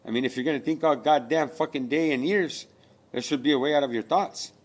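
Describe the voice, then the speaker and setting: A man's voice: on the high side, a little fast. A man delivering a rambling spiritual rant, profane and preachy, full of rhetorical questions.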